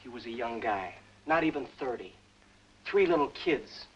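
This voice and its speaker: A man's voice: medium pitch, expressive, moderate pace, dull audio, a little hiss or hum, lightly acted. An actor playing a rueful, guilt-ridden policeman who talks in a subdued, brooding way. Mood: remorseful. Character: guilt-ridden young cop who killed a bystander.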